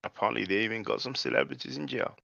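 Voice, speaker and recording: A man hosting his own channel delivers a loose, casual commentary monologue, addressing viewers as brothers and sisters and often saying "man." His medium-pitched voice is rapid-fire, creaky, bright and forceful. The recording is dull, lo-fi and dry, with no echo.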